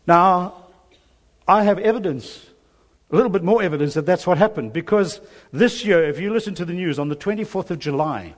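Preacher in a reverberant church hall. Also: male voice, high voice, fairly quick. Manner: animated storytelling, acts out biblical dialogue, chuckles often. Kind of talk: sermon.

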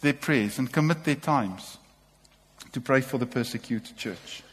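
A man's voice: medium pitch, lively intonation, a little slow, breathy edge, in a large hall. A man preaching a sermon to a congregation, impassioned and repeating short calls to take courage.

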